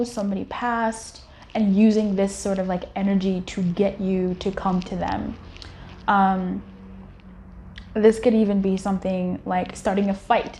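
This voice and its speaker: A woman's voice: mid-range voice, mellow, a little hiss or hum. A woman giving a casual, rambling tarot reading, with many fillers and small laughs. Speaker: tarot card reader.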